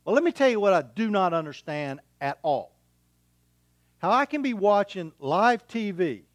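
A man's voice: high voice, very animated, normal speed, no echo. A middle-aged man preaching a sermon as a pastor, in a folksy, conversational way with homespun humour and rhetorical questions.

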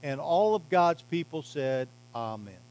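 High-voiced pastor preaching emphatically. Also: male voice, expressive, slow, rough recording. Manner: emphatic preaching, varying loudness and pace. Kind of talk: sermon.

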